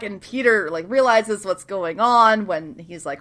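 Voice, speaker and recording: A woman in casual chat, recapping a TV episode with lots of laughter and quick acted-out lines. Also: mid-range voice. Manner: animated, laughing, swearing, acts out characters in quick voices. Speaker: podcast co-host recapping a TV show.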